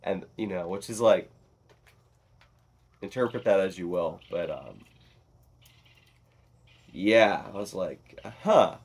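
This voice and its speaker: A man vlogging in a casual, rambling monologue that is animated and full of swearing. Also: deep voice, slow pace, pauses often, breathy edge.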